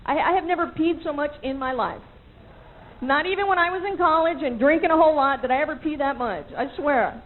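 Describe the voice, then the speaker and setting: A young woman doing a stand-up routine on a club stage, chatty and self-mocking, with quick asides to the crowd, recorded on an old VHS tape. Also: high-pitched, lively intonation, narrow, tinny audio, a little hiss or hum. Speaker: stand-up comedian.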